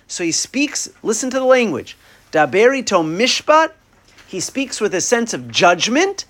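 A man's voice: sits high, big pitch swings, measured pace, fairly bright tone. A man teaching a Torah class on the weekly portion, quoting Hebrew sources from a sheet and acting out the exchanges as he explains them.

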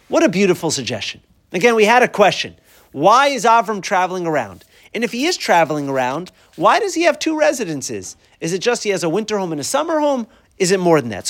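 A man's voice: high-pitched, fairly bright tone. A middle-aged man teaching a weekly Torah class in a conversational way, asking rhetorical questions and mixing in Hebrew and Yiddish terms.

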